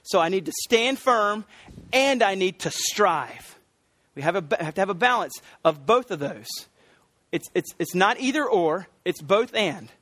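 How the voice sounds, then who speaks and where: A man's voice: high voice, animated, measured pace, fairly bright tone, dry recording. A middle-aged American man preaching a sermon as pastor, earnest, stressing and repeating key words, with frequent ums and restarts. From United States.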